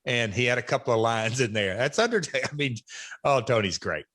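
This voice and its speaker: Give me a middle-aged former wrestler talking reflectively as a guest in a relaxed interview. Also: male voice, mid-range voice, brisk. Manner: rambling, reflective, many fillers. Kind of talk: casual interview chat.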